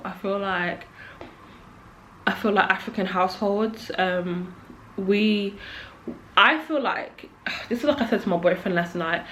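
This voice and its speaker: A woman's voice: medium pitch, fairly bright tone, slight background noise. A woman, telling her personal story to her own camera in a candid, emotional way that often repeats itself. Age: 20s. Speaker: vlogger.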